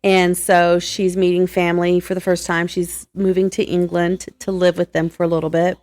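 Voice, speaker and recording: A woman co-hosting a casual podcast, loud and quick to laugh, talking about books with frequent pauses. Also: lowish voice, completely flat delivery. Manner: loud, laughs a lot, hesitant with fillers. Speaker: podcast co-host. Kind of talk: casual chat.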